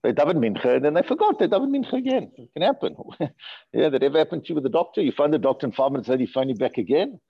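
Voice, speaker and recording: A man teaching a Torah class in an animated way, asking rhetorical questions and often repeating his words. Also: fairly high pitch, very fast, gravelly, breathy edge. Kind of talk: Torah lecture. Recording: dull lo-fi recording.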